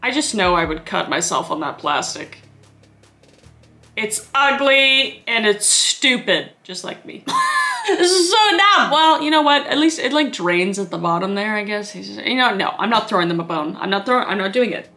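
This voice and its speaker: A woman's voice: mid-range voice, lively intonation, moderate pace, sharp tone, faint music behind. A woman from Canada giving sarcastic comedic reactions, swearing freely and laughing often. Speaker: comedy YouTuber.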